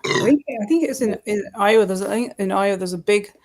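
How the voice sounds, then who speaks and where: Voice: medium pitch, fast talker, soft background music. A guest in a casual livestream chat, speaking hesitantly and searching for words. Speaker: stream guest.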